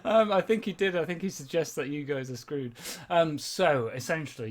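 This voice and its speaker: A man's voice: a little high, normal speed, few pauses. A man running a tabletop game, chatting and recapping in a rambling, hesitant way and laughing often. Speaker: game master. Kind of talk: casual chat and game recap.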